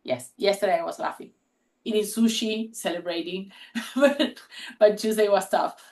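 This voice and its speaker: Woman, native Spanish speaker, animated storyteller on a panel call, repeats and restarts words. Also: mid-range voice, normal speed, poor audio. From Spanish-speaking country. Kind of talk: casual panel talk.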